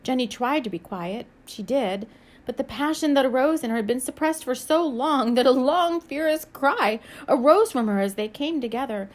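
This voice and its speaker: An author and spiritual reader reads her own romance novel aloud softly and evenly in a fairly high voice at a moderate pace. Between passages she muses, hesitates and laughs lightly while offering a spiritual message.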